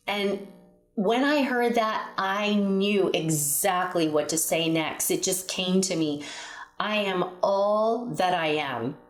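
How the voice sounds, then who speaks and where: A woman giving a spiritual guidance talk, speaking earnestly and emphatically and leading listeners through repeated affirmations. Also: lowish voice. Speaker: spiritual teacher. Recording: echoey room.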